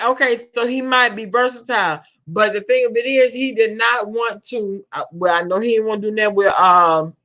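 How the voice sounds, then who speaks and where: Woman vlogger, slow drawl, dull lo-fi stream audio, gossipy chat. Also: medium pitch, fairly bright tone. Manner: chatty, Southern slang, greets viewers as babe. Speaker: vlogger reading live chat. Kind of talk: casual live-stream chat.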